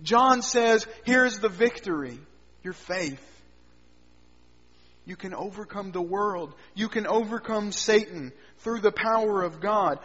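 A man preaching a sermon, swinging between loud emphatic lines and quiet low asides. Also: expressive, slow pace. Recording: dull sound with long hall reverb.

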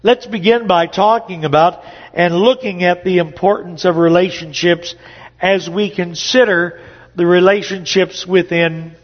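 A man giving a sermon-style talk to a morning gathering, telling a story slowly with frequent "uh" pauses. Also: sits high, steady tone. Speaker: speaker at a morning church gathering. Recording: dull lo-fi audio with long hall reverb.

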